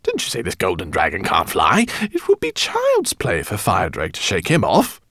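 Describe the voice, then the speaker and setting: A man voicing a brash, quick-talking female rat pilot in a storybook reading. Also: low voice, wildly swooping pitch, gravelly, fairly bright tone, dry recording, studio quality, full character voice.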